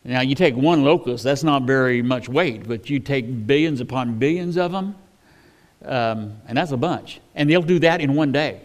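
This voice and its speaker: A man delivers a sermon in a relaxed, conversational voice. He talks in a folksy way, with many fillers and restarts, as if chatting with his congregation. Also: mid-range voice, moderate pace. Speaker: preacher.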